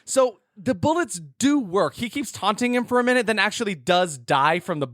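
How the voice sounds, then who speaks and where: A man with a high, very lively voice hosts a casual chat and recaps a film. He rambles and giggles as he goes, and the sound is close and completely dry. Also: normal speed, no echo. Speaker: podcast host.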